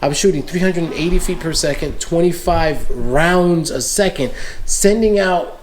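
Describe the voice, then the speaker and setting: A man from the United States chats as a podcast guest, his voice sitting a touch higher than most men's. He tells his stories with lively energy and slips into the voices of the people he quotes. A faint hiss sits under the recording. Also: moderate pace. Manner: animated storyteller who acts out quoted voices. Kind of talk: casual chat.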